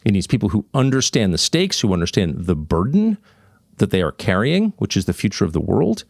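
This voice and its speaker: A man's voice: on the low side, very animated, brisk, gravelly, darkish tone, no room sound, studio quality. A man hosting an opinion monologue, sardonic and mocking. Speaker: host.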